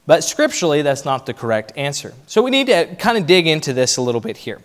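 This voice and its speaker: A man preaching a sermon as pastor, emphatic, his voice rising and falling in loudness. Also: fairly high pitch, very animated, fast talker.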